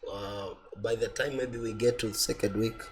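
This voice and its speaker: A man teaching an online trading class, explaining slowly with repetition and fillers, his voice a little off from a cold. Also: on the low side, steady tone, background noise. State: voice slightly off from a cold. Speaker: forex trading instructor.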